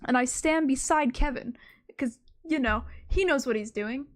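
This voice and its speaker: A woman's voice: sits high, normal speed. A young adult woman streamer casually telling a rambling, self-mocking story, swearing freely along the way.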